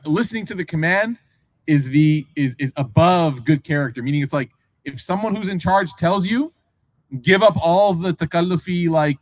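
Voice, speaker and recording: A preacher with a fairly high-pitched voice is heard on a rough recording with no echo. He tells a religious story casually, lecture-style, as an animated storyteller who acts out the voices and keeps dropping asides to his listeners.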